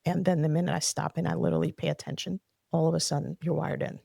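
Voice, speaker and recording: A woman's voice: low voice, flat delivery, fast talker, creaky, warm tone, dry recording, clean studio sound. A woman from the Soviet Union telling her faith story as a podcast guest, earnest and heartfelt. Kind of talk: personal faith testimony.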